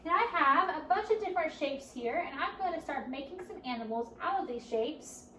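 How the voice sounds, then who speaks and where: A woman leading a children's storytime at a library, speaking slowly and encouragingly and asking the children questions as she goes. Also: sits high, animated, bright, forceful tone, a little hiss or hum. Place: library room. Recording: roomy, distant camera audio.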